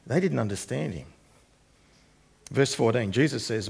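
Gravelly, husky-voiced male preacher. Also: medium pitch, lively intonation, a little slow, long pauses, darkish tone. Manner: paraphrases scripture in plain conversational speech. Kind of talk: expository sermon on scripture.

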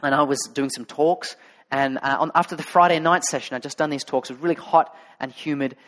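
A pastor from Sydney, Australia, speaks with an Australian accent as he preaches a sermon, his voice a little high, steady and fairly bright, moving at a fairly quick clip. He talks conversationally and tells stories, with plenty of fillers and restarts.

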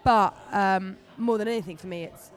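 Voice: medium pitch, moderate pace. A stand-up comedian, chatting in a casual interview in a rambling, self-deprecating way.

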